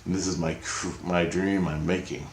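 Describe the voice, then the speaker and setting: A man's voice: low-pitched, fairly even intonation, moderate pace, a little hiss or hum. A man telling a long, rambling story in casual, profane speech, often checking in with "right?". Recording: roomy echo.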